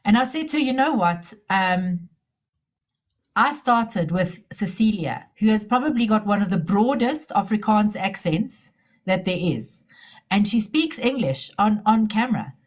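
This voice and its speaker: A middle-aged businesswoman with a medium-pitched voice tells stories in a casual interview. She is chatty and repeats herself as she keeps restarting her sentences.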